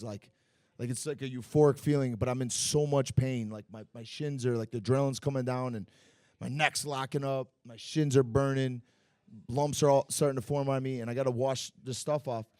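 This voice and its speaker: At a bar and grill, a male Muay Thai fighter with a medium pitch tells stories for a casual podcast interview, speaking briskly. He comes across as animated and profane, with lots of fillers. The recording has no echo and a clean studio sound.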